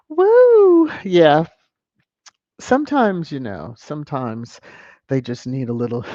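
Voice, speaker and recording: A host, chatting casually on a livestream and reading viewer comments aloud, with sudden high whoops and chuckles. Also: dry recording. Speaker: channel host. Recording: dull, dry lo-fi audio.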